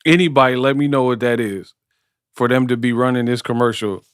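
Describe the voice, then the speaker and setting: A man's voice: medium pitch, fairly even intonation, a little fast, clean tone, no room sound, studio quality. A man giving casual watch-party boxing commentary in a slangy, joking way. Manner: slangy, joking, breaks into impressions.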